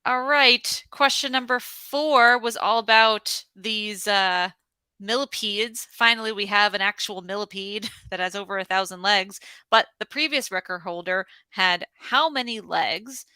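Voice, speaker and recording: A woman's voice: medium pitch, measured pace, pushed and bright, clean tone, dry recording. A woman hosting a casual virtual trivia night over a video call, bubbly and chatty, laughing often. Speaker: trivia host.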